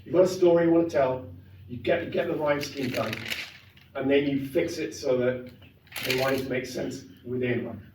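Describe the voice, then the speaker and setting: A man's voice: mid-range voice, normal speed. A middle-aged man giving a conversational, emphatic classroom lecture on poetry. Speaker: literature lecturer. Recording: echoey classroom, mic far off, faint noise.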